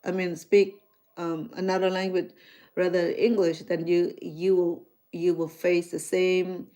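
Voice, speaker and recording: A woman's voice: on the low side, a little slow. A middle-aged woman from Cambodia with a Cambodian accent, chatting casually to her viewers and acting out conversations as she tells stories. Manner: animated storytelling, acts out dialogue, frequent restarts. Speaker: chef and vlogger.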